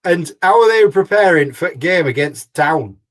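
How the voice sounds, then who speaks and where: A man's voice: a little high, animated, normal speed. A man hosting a fan podcast in casual chat, jokey and teasing. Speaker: podcast host.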